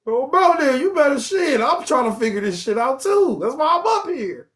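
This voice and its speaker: Animated, profane livestream host man. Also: extremely high pitch, moderate pace. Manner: animated, profane, joking, bursts into yelling. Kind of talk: casual livestream chat.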